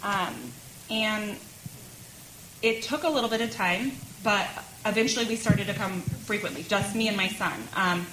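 A woman's voice: medium pitch, moderate pace, fairly bright tone. Woman in her thirties, chatty church testimony, laughs a lot, echoey room with background noise. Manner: chatty, laughs often, many fillers. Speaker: speaker sharing her testimony. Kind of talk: personal testimony at a women's church gathering. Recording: roomy sound with background noise.

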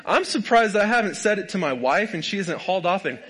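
A man's voice: sits high, lively intonation, quick pace, a bit bright, slightly rough. Folksy, joking young preacher man. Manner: folksy, joking, laughs often at his own stories. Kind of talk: humorous sermon. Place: church sanctuary with a congregation.

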